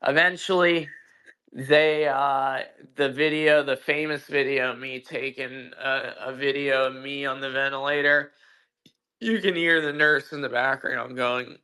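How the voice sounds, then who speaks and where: Slow, bright-voiced man telling a story. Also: medium pitch, fairly even intonation, clear, resonant tone. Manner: profane and emphatic, with frequent restarts. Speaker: guest. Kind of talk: casual storytelling in a live audio chat. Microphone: own mic on a social audio call.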